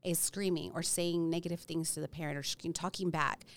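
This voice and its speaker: Animated woman therapist, lively storyteller. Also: low voice. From United States. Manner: animated, acts out parents and kids in quick voices; casual with fillers, mixes Spanish words. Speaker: therapist guest. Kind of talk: podcast interview.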